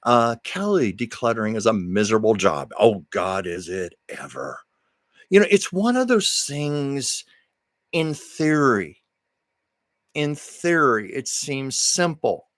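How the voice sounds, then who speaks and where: A man hosting a casual live stream, telling rambling anecdotes with frequent ums and pauses. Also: on the low side, big pitch swings, dry recording, studio quality.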